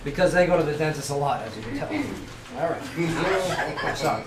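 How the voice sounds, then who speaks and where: A man's voice: on the high side, normal speed, roomy sound, a crowd in the background. A man hosting a radio show, joking and teasing in playful studio banter, laughing often.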